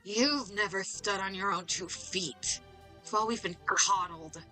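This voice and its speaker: A woman's voice: mid-range voice, unhurried, pushed and bright, soft background music. A woman voicing a pompous, scheming older male villain, reading game dialogue aloud with a sneering, condescending manner.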